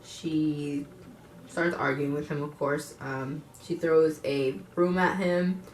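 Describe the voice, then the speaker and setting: Low-voiced blunt woman telling her story. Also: fairly even intonation, slow, slight background noise. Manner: blunt, frank, swears freely, with asides to viewers. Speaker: vlogger. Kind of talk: candid personal storytime. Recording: echoey room.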